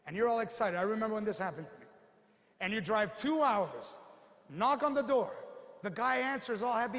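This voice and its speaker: A man giving an animated motivational seminar talk, telling stories and acting out the people in them. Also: high voice, moderate pace, in a large hall. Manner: animated storyteller, acts out quotes, punchy asides. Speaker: motivational speaker.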